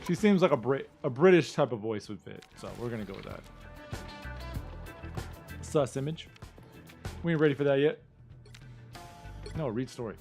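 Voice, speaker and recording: A man's voice: fairly high pitch, a little mellow. A man streaming live, chatting casually in a playful, self-mocking way.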